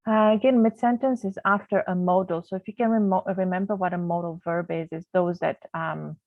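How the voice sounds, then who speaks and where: A woman's voice: on the low side, steady tone, a little fast, dry recording. Woman teaching grammar over a tinny line. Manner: chatty, loses her thread, many ums. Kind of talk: grammar lesson over slides. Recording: tinny phone-like, dry sound.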